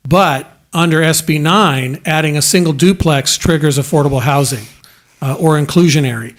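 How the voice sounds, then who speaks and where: A man as city legal counsel, giving careful, precise legal advice at a council meeting. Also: fairly high pitch. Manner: measured, precise, careful hedging. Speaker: city attorney.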